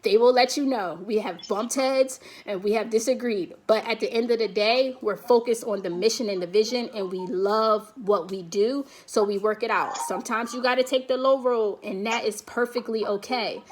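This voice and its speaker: A woman's voice: a little high, normal speed, hardly any pauses. Emphatic American woman on a video call. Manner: emphatic, rallying, repeats "we have to". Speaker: guest speaker on a virtual summit. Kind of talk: motivational talk, then answering questions.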